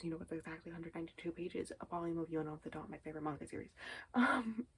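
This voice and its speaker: A woman's voice: fairly low pitch, racing, a little hiss or hum, poor audio. A woman chatting casually in a reading vlog, rambling and often dropping to a whispered aside, with many ums and anyways. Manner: says 'um' and 'anyways' often. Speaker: book vlogger.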